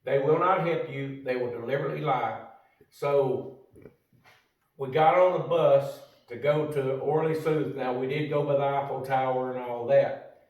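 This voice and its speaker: A man's voice: medium pitch, fairly even intonation, moderate pace, darkish tone. An older man, telling a story in a salty, profane, folksy way. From United States. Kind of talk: casual storytelling. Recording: roomy echo from a distant mic.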